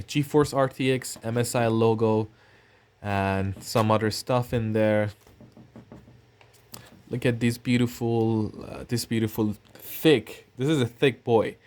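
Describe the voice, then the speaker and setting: A man's voice: on the low side, a little mellow. A man casually talking through an unboxing, rambling and thinking aloud with fillers and the odd cough. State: coughing now and then. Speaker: tech channel host.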